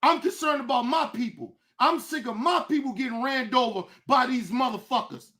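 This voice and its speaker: A woman hosting a livestream, ranting angrily in a profane voice that often breaks into shouting. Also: sits high, moderate pace. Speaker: streamer, show host. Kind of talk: livestream rant.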